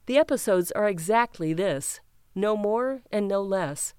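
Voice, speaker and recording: A woman reading a news article aloud in an even, measured way, raising her pitch slightly when she reads quotes. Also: clear, resonant tone, no room sound, studio quality. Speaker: news reader.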